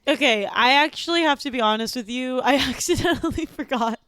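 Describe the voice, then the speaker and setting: A woman's voice: high voice, fairly quick, a bit bright, no echo. A teenage girl hosting a comedy podcast, earnest and giggly. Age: teens. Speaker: podcast host.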